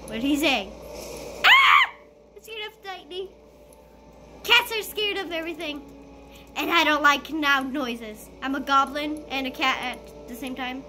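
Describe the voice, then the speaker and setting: A woman playing a school role-play game, talking excitedly through it and bursting into shrieks and giggles. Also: high voice, normal speed, faint music behind. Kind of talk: playful gameplay commentary.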